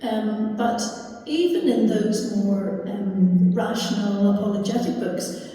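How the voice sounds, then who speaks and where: Woman, chatty church lecturer reading aloud, dark tone, distant echoey hall. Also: medium pitch, slow pace. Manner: chatty asides with many fillers. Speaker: guest speaker at a church. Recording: echoey church hall from far off, faint noise.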